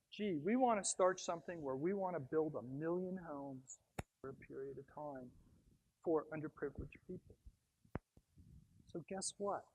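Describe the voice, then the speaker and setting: A middle-aged man giving an animated motivational keynote speech, telling stories, acting out quotes and drawing the audience in. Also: on the high side, poor audio. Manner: animated storytelling, acts out quotes, engages audience. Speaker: guest speaker. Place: brewhouse event space.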